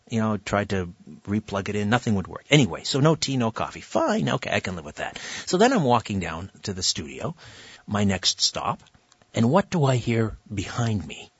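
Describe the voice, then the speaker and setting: Husky-voiced talk radio host. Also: male voice, on the low side, fairly bright tone, no room sound, highs cut off. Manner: chatty storyteller, many fillers and restarts. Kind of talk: conversational radio monologue and interview. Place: radio studio.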